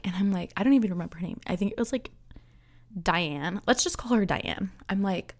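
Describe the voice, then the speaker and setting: A woman's voice: medium pitch, fairly quick. A young woman hosting her own podcast, chatting casually in a rambling way with lots of fillers and frequent laughs. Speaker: podcast host. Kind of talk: casual solo podcast chat.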